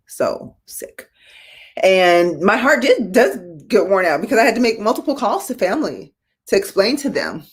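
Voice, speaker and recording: A woman in her forties, a veteran nurse hosting a live-streamed talk show, speaking casually and growing emotional as she tells hospital stories. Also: on the low side. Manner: casual, addresses viewers as y'all.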